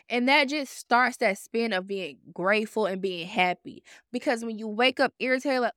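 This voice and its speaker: A woman in her twenties hosting a podcast, telling her story in a blunt, profane, animated self-help monologue. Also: on the high side, normal speed, few pauses, no echo, studio quality. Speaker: podcast host.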